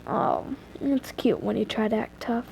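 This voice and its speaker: A young woman voicing a mysterious male stalker in a low, hushed, teasing tone while reading fanfiction aloud. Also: expressive, unhurried, vocal fry, a little hiss or hum, heavily acted, rough recording.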